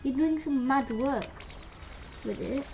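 A woman chats her way through a video game in a casual, excitable commentary, trash-talking her opponents between calm stretches. Her voice is a little high and her pace unhurried. Game music plays loudly beneath her. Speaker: gamer.

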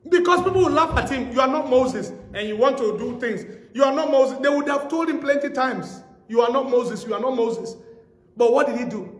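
Pastor, male, high-pitched storytelling sermon, echoey hall sound. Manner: storytelling preacher, repeats phrases for emphasis.

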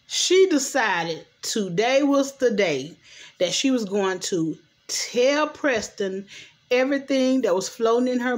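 A young adult woman chatting at home in a loose, rambling way, recapping a TV episode and often saying "anywho.". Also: medium pitch. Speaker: TV recap vlogger. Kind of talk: casual recap chat. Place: home at night. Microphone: camera mic.

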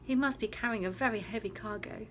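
A woman's voice: mid-range voice, fast, a bit bright, slight background noise, lightly acted. A woman reading aloud and voicing a sensible, cautious schoolgirl who speaks urgently. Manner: urgent, warning.

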